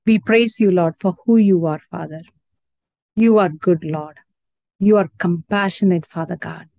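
A woman leading a spoken prayer in a devout, repetitive way, softening at the end of each phrase. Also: lowish voice, a little slow, gravelly, no room sound. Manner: devout, repetitive, fading to soft at phrase ends. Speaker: prayer leader.

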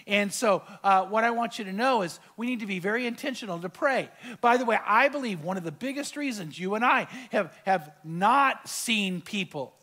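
A man's voice: high-pitched, bright, forceful tone. A middle-aged male pastor preaching a sermon, telling a personal story and acting out the quoted dialogue with animation.

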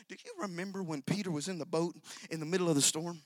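A man preaching a sermon, swinging between loud, sing-song shouting and quiet asides while questioning the congregation directly. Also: fairly high pitch, fast, dry recording. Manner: addresses the congregation directly with call-and-response questions.

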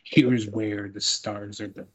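A man's voice: fairly low pitch, flat delivery, slow pace, a little hiss or hum, low-quality recording. A man co-hosting a podcast, telling amused, profane stories about wrestling segments. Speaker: podcast co-host. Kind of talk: casual wrestling recap chat.

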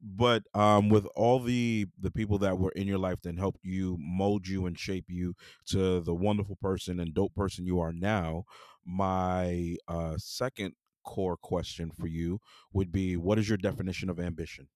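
A man hosts an interview in a playful way and laughs easily. His voice sits fairly low, and the sound is dry and close. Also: flat delivery, normal speed, darkish tone, no echo. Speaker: interview host. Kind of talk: conversational interview.

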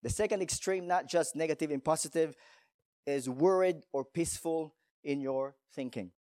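A man's voice: fairly high pitch, moderate pace, a little mellow, no echo, studio quality. A male pastor preaching a sermon in a church, emphatic, telling stories and asking rhetorical questions.

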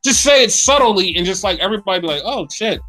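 Male podcast co-host, casual and animated, swears a lot, high voice, faint music behind. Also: fast. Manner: animated, swearing, acts out wrestler rants. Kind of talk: casual wrestling chat.

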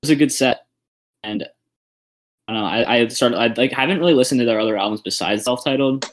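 A man's voice: medium pitch, fast. A man co-hosting a podcast, chatting casually about new music and rambling with lots of fillers. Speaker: podcast co-host. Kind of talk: casual music review chat.

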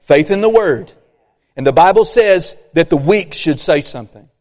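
A man preaching a sermon, folksy and animated, acting out complainers. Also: on the high side, normal speed. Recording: long hall reverb.

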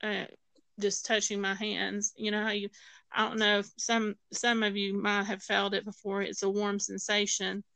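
A woman's voice: medium pitch, completely flat delivery, normal speed, creaky, sharp tone, clear, resonant tone, no echo, poor audio. A woman telling a personal story as a guest, acting out the voices of others and using many fillers and restarts. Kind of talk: personal testimony in conversation.

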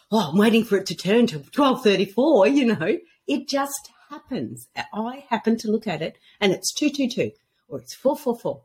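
A woman guest on a casual podcast, telling animated stories and acting out the dialogue in them. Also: medium pitch, slight background noise. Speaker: guest author on intuition. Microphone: podcast microphone at a computer.

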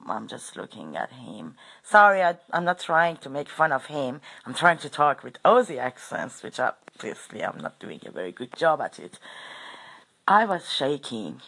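A woman's voice: very deep voice, sing-song, moderate pace, gravelly, a bit bright, husky. A woman telling a personal story in a casual way, hesitant, with fillers and self-corrections.

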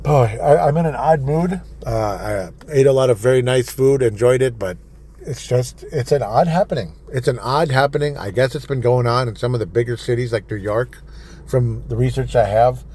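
A man's voice: mid-range voice, moderate pace, a little mellow, slight background noise. A man hosting a solo podcast, casually reading news items and ranting with opinionated asides. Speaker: podcast host.

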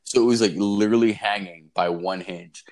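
A man telling a story in casual chat, rambling and swearing, often saying "like" and "dude" and jumping into high yelps for quotes. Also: fairly even intonation, moderate pace, a little mellow.

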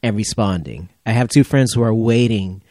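A man's voice: on the low side, moderate pace, dark tone, no echo. A man hosting a podcast, chatting casually with dry, exasperated storytelling. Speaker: podcast host. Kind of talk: casual chat.

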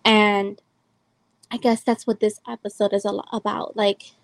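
On the podcast she hosts, a twenty-something woman from El Salvador tells a personal story in a loose, filler-heavy ramble full of "like" and "um." Her medium-pitched voice is flat, creaky, and a little slow, and the audio is dry and poor.

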